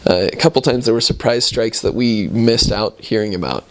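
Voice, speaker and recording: A man, a returned missionary, telling casual stories about his mission in a relaxed, rambling way with frequent chuckles. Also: lowish voice, a little fast.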